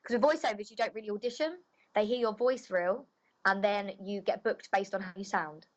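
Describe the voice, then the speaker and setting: A woman's voice: mid-range voice, steady tone, fairly quick. Chatty woman voice actor, muffled recording. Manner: chatty, loose, lots of "kind of" fillers. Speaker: voice actress guest. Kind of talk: casual interview chat.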